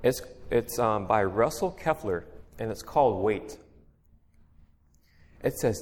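Relaxed preaching man in echoey hall. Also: on the low side, takes it slowly, pauses often. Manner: plain-spoken, relaxed, explaining step by step. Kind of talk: conversational sermon. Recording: long echo of a large hall.

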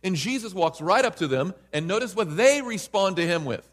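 A man's voice: high voice, animated, normal speed, long reverb tail. A man preaching a Bible study sermon in an emphatic way, often checking in with listeners by asking "right?".

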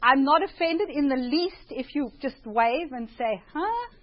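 A woman's voice: sits high, measured pace, muffled recording. A woman with a South African accent giving a chatty, informal talk to an audience. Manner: chatty, self-deprecating, prays before speaking. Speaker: speaker at a church presentation.

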